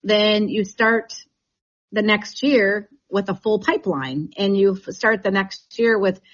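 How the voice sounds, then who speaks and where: A woman's voice: mid-range voice, measured pace, dull audio. A woman who leads a real estate team, talking in a chatty, enthusiastic way with many restarts in a radio interview.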